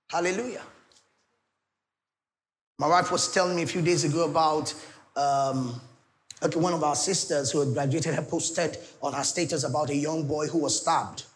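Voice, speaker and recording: A middle-aged Nigerian man preaching a sermon, swinging between loud declarations and soft pleading asides. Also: on the high side, measured pace, long pauses. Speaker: pastor.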